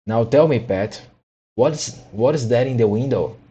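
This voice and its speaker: A man's voice: medium pitch, measured pace, warm tone, slightly rough, highs cut off. A man voicing a flustered, bossy male rabbit who barks impatient orders. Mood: angry.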